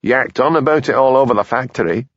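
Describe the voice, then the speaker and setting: A man voicing a blunt, bitter factory owner who answers questions gruffly in an audiobook. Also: mid-range voice, fast talker, no room sound, lo-fi sound, pitched above the performer's own voice, close to an everyday voice.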